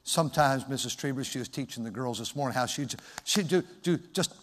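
A man's voice: mid-range voice, fairly quick, fairly bright tone, long reverb tail. A male pastor preaching a sermon, telling a personal story in a reflective, folksy way.

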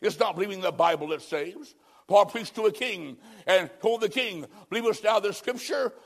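High-voiced preacher, loud then hushed. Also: male voice, moderate pace. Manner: dramatic, swings between loud emphasis and hushed low endings. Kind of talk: evangelistic sermon.

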